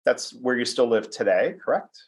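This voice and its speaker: A man's voice: medium pitch, moderate pace. A man hosting an interview podcast, chatty and self-deprecating, with frequent fillers. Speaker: podcast host. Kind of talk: conversational interview.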